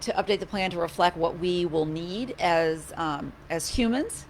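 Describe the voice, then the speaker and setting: A woman's voice: fairly low pitch, moderate pace. A woman talks in a loose, chatty way, restarting her sentences and letting a wry, sarcastic edge slip through. She is a county commissioner holding office hours from her office. A faint hum of noise sits under her voice. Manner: chatty, animated, a little sarcastic, frequent restarts. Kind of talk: casual chat.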